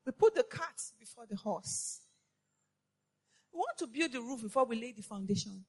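A woman delivers an impassioned sermon, pressing her listeners with repeated rhetorical questions. Her voice sits high and carries a breathy, husky edge. Her pitch leaps and falls dramatically as she builds to shouted lines. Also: sing-song, normal speed. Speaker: preacher addressing women.

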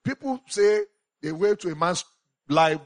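A man preaching a sermon as a pastor, animated, swinging between loud exclamations and quiet asides. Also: a little high, unhurried.

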